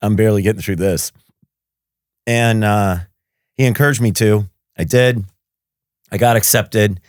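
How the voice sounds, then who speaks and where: A middle-aged man with a fairly low voice tells stories in a relaxed interview chat. He acts out both sides of conversations and laughs easily. The sound is close and dry, with no room echo. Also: measured pace. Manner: lively storyteller who acts out dialogue and laughs often. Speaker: surgeon guest. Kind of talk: casual anecdotal storytelling.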